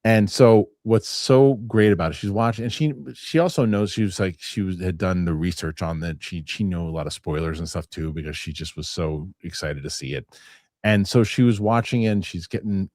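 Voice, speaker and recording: A man's voice: low voice, brisk, a little mellow, no echo, studio quality. A middle-aged man hosting a casual chat show, rambling with restarts and acting out other people's lines. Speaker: host.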